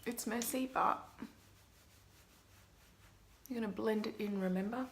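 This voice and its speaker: A woman's voice: a little high, measured pace, vocal fry, a little hiss or hum. A young woman, a makeup artist, chatting to viewers through a makeup tutorial vlog in a self-mocking way.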